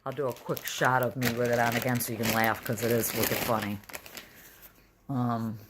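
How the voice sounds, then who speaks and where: A woman's voice: very deep voice, level tone, normal speed, very noisy. A middle-aged woman talking casually in a home vlog, rambling with restarts. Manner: rambling, chatty, restarts often. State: dizzy and close to tears. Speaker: vlogger.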